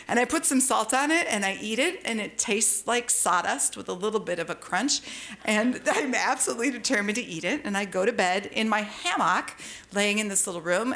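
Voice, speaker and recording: A woman from Minnesota telling a true personal story live on stage at a brewery event, lively and conversational, with frequent asides. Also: mid-range voice, a little fast. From Minnesota, USA.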